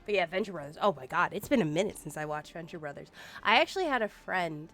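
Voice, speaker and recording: A lowish female voice comes at a quick pace. She's livestreaming a game with casual, playful talk, full of animation, humming and snatches of song.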